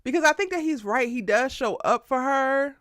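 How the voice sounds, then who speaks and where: Animated woman with lively, bright voice. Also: high voice, normal speed, no room sound, clean studio sound. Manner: animated, laughs often, slangy and emphatic. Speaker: TV show aftershow host. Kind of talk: live TV recap chat.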